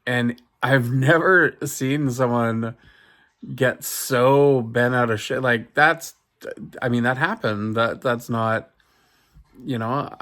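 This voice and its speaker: A man, a barber, tells a story from his shop in an easygoing, rambling way. He is amused and uses lots of fillers and restarts, at a medium pitch. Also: takes it slowly, fairly bright tone. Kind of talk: casual storytelling to camera.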